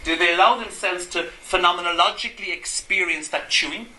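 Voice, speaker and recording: A man's voice: high-pitched, brisk, bright, forceful tone. A man, a Gestalt therapist, lecturing a live audience, asking them rhetorical questions and acting out everyday examples. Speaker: Gestalt therapist giving a talk. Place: room with an audience. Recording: echoey room, faint ambience.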